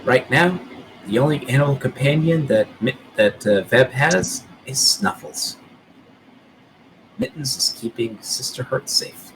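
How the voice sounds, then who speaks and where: A man at a tabletop game describes his character's moves and adds plain, dry remarks. His voice is mid-pitched. A faint background noise hangs under it. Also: animated, unhurried, poor audio. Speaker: player. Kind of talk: casual tabletop role-play chat.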